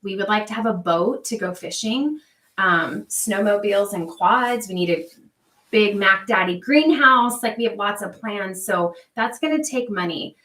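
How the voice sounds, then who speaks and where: A woman's voice: mid-range voice, moderate pace, a bit bright, far from the mic. Chatty woman livestream host, echoey room. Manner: chatty, answering viewer comments by name. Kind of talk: casual livestream chat. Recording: echoey room, voice a bit off-mic.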